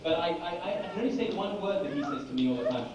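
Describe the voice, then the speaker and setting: A man's voice: on the high side, animated, racing, far from the mic. A man not from America answering fan questions on a convention panel, rambling and self-deprecating with an amused tone. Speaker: convention guest actor. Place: large convention hall. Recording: echoey hall mic, noisy.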